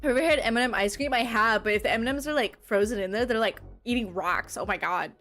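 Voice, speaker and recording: Young female VTuber, rambling and giggly, slightly high voice, faint music under her. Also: fast, fairly bright tone. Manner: rambling, playful, laughs often. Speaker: VTuber streamer. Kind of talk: casual livestream chat, reading and answering chat.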